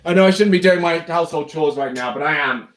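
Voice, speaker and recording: A young man hosting a livestream, chatting casually with viewers in an animated, rambling way. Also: a little high, fast talker, slight background noise. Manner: chatty, animated, self-interrupting. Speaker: livestream host. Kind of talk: casual live chat with viewers.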